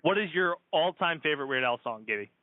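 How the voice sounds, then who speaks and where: A young man hosting a podcast, bantering and joking about himself in a relaxed way. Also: a little high, quick pace, no echo. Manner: joking, self-mocking. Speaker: podcast host. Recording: tinny phone-like recording.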